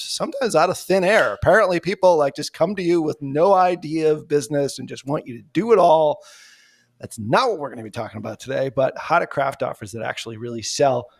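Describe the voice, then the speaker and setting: A man's voice: mid-range voice, no room sound. An American man hosting a podcast, chatting in a loose, joking way. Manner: jokey, rambling with fillers. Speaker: podcast host. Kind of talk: casual podcast chat.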